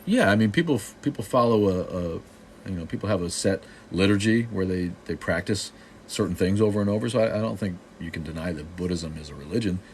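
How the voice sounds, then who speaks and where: Low-voiced, snarky man from Boston, middle-aged, hosting a loose live-stream chat. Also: a little fast, a little hiss or hum. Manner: snarky, joking, loose with many restarts. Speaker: live stream host answering viewer comments.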